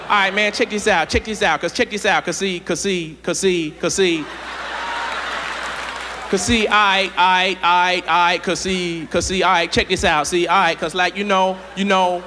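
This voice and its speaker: A man's voice: high-pitched, steady tone, normal speed, bright, forceful tone, a faint crowd, slight background noise, pitched below the performer's own voice. Man doing a rambling guy lost in his own answer. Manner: repeats filler words, loses his thread. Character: rambling man fumbling a TV interview. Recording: live theater stage with audience.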